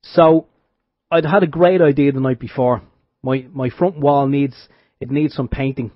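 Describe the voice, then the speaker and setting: A man's voice: mid-range voice, fairly even intonation, unhurried, no room sound. An Irish man co-hosting a radio show, telling a wry story in casual chat with frequent restarts. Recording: dull dry radio sound.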